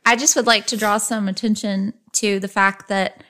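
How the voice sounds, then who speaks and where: A woman co-hosts a true-crime podcast in easy, casual chat. She teases her partner and laughs often, her voice sitting at an ordinary middle pitch. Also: flat delivery, normal speed, bright, forceful tone. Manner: playful, teasing, laughs often. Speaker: podcast co-host.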